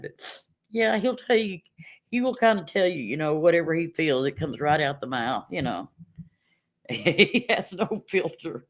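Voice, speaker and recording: Woman, 50s, chatty livestream host; lively pitch, frequent laughter. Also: moderate pace. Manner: laughs often, chatty and rambling. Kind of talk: casual livestream chat.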